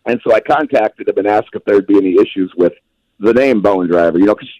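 A man's voice: fairly low pitch, fast, dark tone, no room sound, muffled recording. Laid-back man calling in. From Western North Carolina. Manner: laid-back, rambling with many uh fillers. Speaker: musician guest calling in. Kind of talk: casual phone interview.

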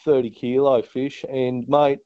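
A man's voice: medium pitch, little pitch movement, a little slow, dark tone, no room sound. A Tasmanian man with an Australian accent, telling a broad fishing yarn in casual chat. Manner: broad, yarn-spinning, says mate a lot. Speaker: guest angler. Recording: dull lo-fi dry sound.

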